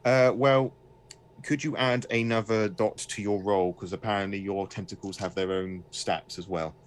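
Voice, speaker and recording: A man's voice: lowish voice, fairly even intonation, normal speed. A man running a tabletop horror game as game master, describing scenes in a loose, rambling way and asking players for rolls.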